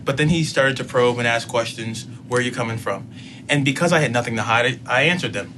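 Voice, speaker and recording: A man in his thirties, a councilman and student, telling a personal story in an interview in a measured way, quoting what was said. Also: mid-range voice, noisy background. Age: 30s. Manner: measured, recounting events with quoted dialogue.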